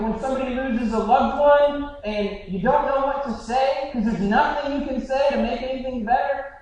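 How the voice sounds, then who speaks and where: A man preaching a sermon in an earnest, conversational way, often restarting his phrases. His voice sits fairly high. He is heard from a distance in a very echoey church sanctuary. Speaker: pastor. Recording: very echoey hall, mic far off.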